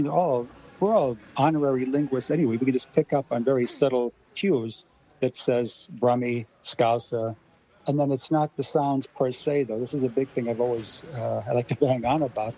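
A guest commentator from Los Angeles, USA, argues his points articulately in a radio discussion. His male voice is mid-range and darkish, and the audio quality is poor.

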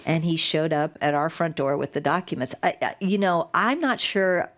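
A woman guest in an interview, telling a story in a lively, animated way with frequent restarts. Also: low-pitched, normal speed. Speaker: guest, digital rights advocate. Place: recorded in San Francisco.

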